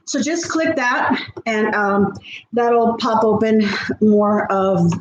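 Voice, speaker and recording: Woman host, chatty, high-pitched, echoey room recording. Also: takes it slowly, lo-fi sound. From Texas. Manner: chatty, greets viewers by name, lots of fillers. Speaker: livestream host. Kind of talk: casual livestream chat reading viewer comments. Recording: echoey room with faint background noise.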